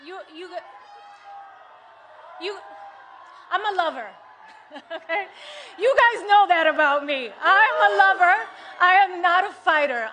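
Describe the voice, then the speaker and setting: A woman from the United States giving an impassioned political rally speech at a large venue, shifting from soft and earnest to shouting to the crowd. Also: extremely high pitch. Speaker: rally speaker. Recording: loud crowd noise from a live rally. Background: cheering crowd.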